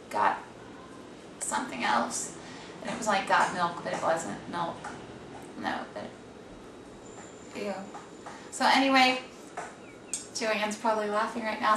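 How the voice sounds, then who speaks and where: A woman's voice: medium pitch, fairly bright tone. A woman chatting casually to camera at home, rambling and self-deprecating as she jumps from one thought to the next. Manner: quirky, meandering, self-deprecating. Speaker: vlogger. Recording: echoey room, distant mic, noisy background.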